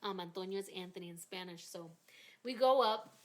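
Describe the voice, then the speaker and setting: A woman hosting a faith-focused podcast, telling a personal story in an animated, emotional way during a casual chat. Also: mid-range voice, fairly quick. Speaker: podcast host.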